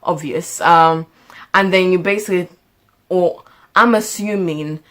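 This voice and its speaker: Chatty young woman vlogger, lowish voice. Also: unhurried, a bit bright. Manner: chatty, many ums, addresses viewers as y'all. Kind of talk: casual sit-down talk to camera. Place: indoors at home.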